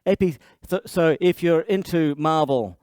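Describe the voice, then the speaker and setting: A man preaching a sermon as pastor, explaining lively and playfully, often restarting his sentences. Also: on the high side, a little slow, clear, resonant tone, dry recording, studio quality.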